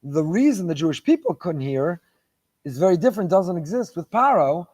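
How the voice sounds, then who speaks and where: A man's voice: high-pitched, big pitch swings, moderate pace, a little mellow. A middle-aged man, a rabbi giving a Torah lecture, who talks emphatically and repeats phrases for stress.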